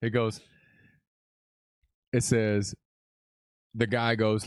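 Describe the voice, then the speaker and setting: A man's voice: fairly low pitch, normal speed, a little mellow, no room sound. A man co-hosting a podcast, telling a story in casual chat, blunt and profane. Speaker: podcast co-host.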